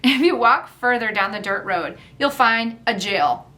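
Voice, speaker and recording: A woman's voice: fairly high pitch, animated, unhurried, bright, forceful tone. A woman narrating a first-person audiobook in a wry, chatty manner.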